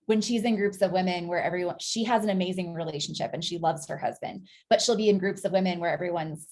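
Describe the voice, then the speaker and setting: A woman's voice: on the low side, quick pace, darkish tone. A woman hosting a podcast, agreeing with her guest and asking questions in casual conversation. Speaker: podcast host.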